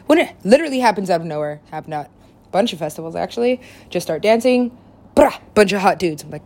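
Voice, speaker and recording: A woman's voice: big pitch swings, normal speed, darkish tone. A woman rambling through casual stories, laughing often, swearing, and acting out her own lines with big swings in voice. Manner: giggly, swears a lot, acts out her own quotes with big pitch swings.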